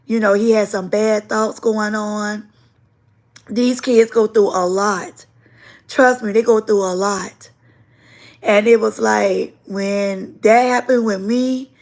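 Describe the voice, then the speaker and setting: A woman's voice: on the high side, measured pace. A woman hosting a casual livestream, telling stories in an emphatic, repetitive way. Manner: animated, emphatic storytelling with repetition. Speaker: livestream host and teacher.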